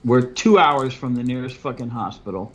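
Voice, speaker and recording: A man's voice: mid-range voice, normal speed, a bit bright, low-quality recording. A man in casual chat, telling profane stories in a laid-back way.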